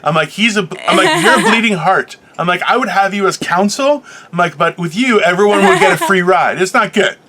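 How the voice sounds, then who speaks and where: A man with a notably high, bright voice co-hosts a casual comedic talk show. He rambles through his stories and laughs at his own punchlines. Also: lively intonation, fairly quick, hardly any pauses. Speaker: podcast co-host.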